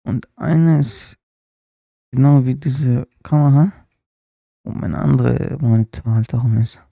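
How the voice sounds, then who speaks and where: A man's voice: medium pitch, measured pace, gravelly, mellow, no echo, studio quality. A man streaming a live reaction, chatting casually with asides while he watches a video.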